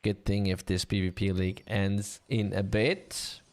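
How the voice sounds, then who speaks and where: A man commentating an online game league, chatty and bantering with viewers, with a voice getting a bit rough. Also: on the low side, unhurried. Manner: chatty, animated, laughs and banters with chat.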